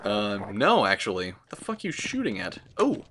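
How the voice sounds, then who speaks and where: A young man hosting a let's play, giving sarcastic, excitable gameplay commentary with frequent swearing. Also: on the low side, moderate pace, very noisy.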